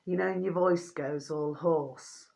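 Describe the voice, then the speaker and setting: Lady vlogging, kinda hoarse, rambly and sweet, lowish voice. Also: fairly even intonation, unhurried, a little mellow. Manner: affectionate, rambling, keeps asking "do you see what I mean". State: getting hoarse. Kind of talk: casual chatty vlog to viewers.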